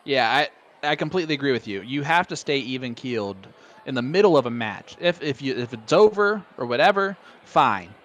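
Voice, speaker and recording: A man's voice: mid-range voice, animated, a little fast, a bit bright, dull audio. A man doing live darts commentary, bantering and joking at his own expense. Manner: joking, self-deprecating banter.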